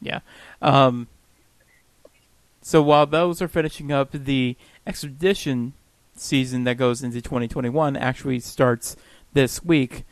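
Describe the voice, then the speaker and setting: Gravelly laughing podcast co-host man. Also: medium pitch, fairly even intonation, a little slow, dry recording. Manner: laughs often, self-deprecating. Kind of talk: casual chat.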